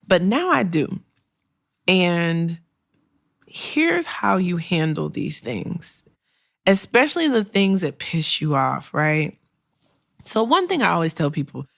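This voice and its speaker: Middle-aged woman podcast host, low and gravelly, sassy and blunt advice delivery, dry close recording. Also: very animated, slow, long pauses, no room sound. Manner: blunt, sassy and conversational, with laughs and acted-out quotes. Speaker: podcast host and career coach. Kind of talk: candid solo podcast advice.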